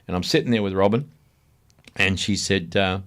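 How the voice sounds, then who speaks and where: An Australian man, middle-aged, telling lively anecdotes in a casual podcast chat, laughing often and acting out voices. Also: low-pitched, normal speed. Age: 40s. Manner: animated storyteller, laughs a lot, acts out voices. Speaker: radio host guest.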